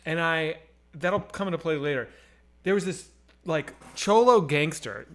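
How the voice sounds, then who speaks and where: A man on a comedy stream telling a wild story, animated and profane, acting out the voices in it. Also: on the high side, unhurried. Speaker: comedy podcast host.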